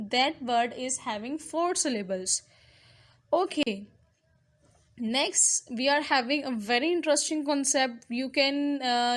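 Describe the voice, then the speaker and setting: A young woman teaching a children's grammar lesson, explaining step by step and switching at times into Hindi-Urdu. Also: high-pitched.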